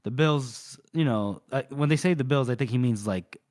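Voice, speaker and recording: A man co-hosting a podcast, casually retelling a novel's scenes with lots of fillers and quick quoted lines. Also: mid-range voice, a little mellow. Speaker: podcast co-host. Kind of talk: casual book-discussion chat, retelling scenes.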